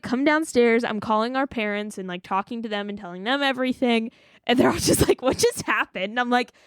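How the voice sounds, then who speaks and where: A woman's voice: fairly high pitch, clear, resonant tone, dry recording, clean studio sound. A woman in her twenties co-hosting a podcast, retelling a story in casual chat, acting out quotes and saying "like" a lot. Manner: animated retelling, acts out quotes, many "like"s. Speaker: podcast co-host.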